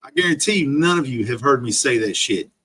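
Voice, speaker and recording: A man's voice: mid-range voice, lively intonation, a little fast, sharp tone, slightly rough. A man streaming an angry, profane rant full of insults. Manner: profane, insult-laden ranting.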